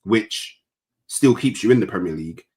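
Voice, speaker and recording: Laid-back young man, lowish voice. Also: lively intonation, normal speed, darkish tone, husky. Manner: laid-back, slangy, chatty. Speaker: co-host. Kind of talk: casual podcast chat.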